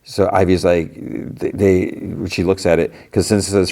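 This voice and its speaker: A man's voice: low voice, level tone, moderate pace, dark tone. A man hosting a podcast, recapping TV episodes in a loose, rambling way, full of "like" and "you know" and restarting his sentences. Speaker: podcast host.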